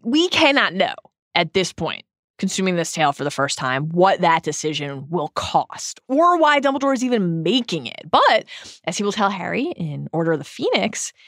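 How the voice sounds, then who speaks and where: A woman's voice: on the low side, big pitch swings, normal speed, a bit bright, no echo. A woman co-hosting a podcast book discussion, earnest and emphatic, reading passages aloud at a close studio mic. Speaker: podcast co-host.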